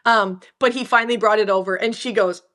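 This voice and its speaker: A young woman, an Olympic hockey player, chatting in an interview and telling animated stories with quoted lines and frequent laughs. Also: mid-range voice, fairly quick. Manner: animated storyteller, laughs often, acts out quotes. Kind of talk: casual interview chat.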